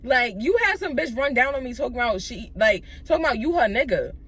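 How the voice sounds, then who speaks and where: A young adult woman vlogger telling a casual, profane story, animated and full of fillers. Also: a little high, quick pace, breathy edge.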